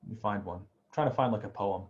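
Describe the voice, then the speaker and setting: A man's voice: on the low side, fast talker, lo-fi sound. A man teaching an online music class, talking in a loose, chatty way and often checking in with "right?". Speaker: music professor. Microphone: video call.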